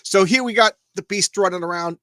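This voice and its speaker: A man's voice: high voice, a little fast, bright, forceful tone, dry recording. A man hosting a live comics stream, talking casually in a rambling, emotional way with frequent stammers and restarts. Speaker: comics channel host.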